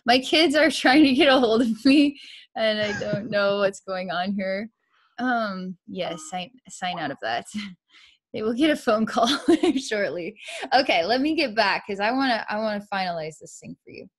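A woman psychic leading a live energy-healing session, speaking softly with frequent sighs and dreamy, repetitive descriptions of what she sees. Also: medium pitch, animated, moderate pace. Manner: soft, sighing, repetitive, dreamy narration of visions.

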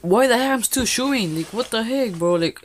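A woman's voice: on the high side, expressive, brisk, very noisy. Rambling casual vlogger woman. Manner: rambling, says guys and bro constantly. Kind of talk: casual DIY food vlog.

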